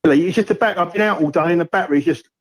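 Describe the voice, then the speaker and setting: A man's voice: high voice, rapid-fire, dry recording, low-quality recording. A man calling in by phone to a football chat show, rambling and hesitant, with lots of ums. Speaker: caller.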